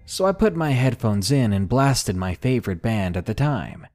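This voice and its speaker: A man narrating a scary story in slow, expressive storytelling. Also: medium pitch, faint music behind. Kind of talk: scripted horror story narration.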